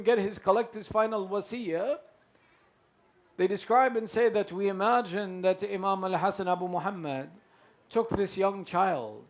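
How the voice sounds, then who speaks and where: A male preacher telling a mournful story in a sermon, slow and dramatic, with pauses. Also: high-pitched.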